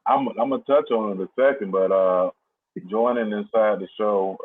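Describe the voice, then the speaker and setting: A man's voice: on the low side, normal speed, a little hiss or hum. Male podcast host, joking and teasing, muffled recording. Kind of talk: casual podcast chat. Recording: dull lo-fi audio.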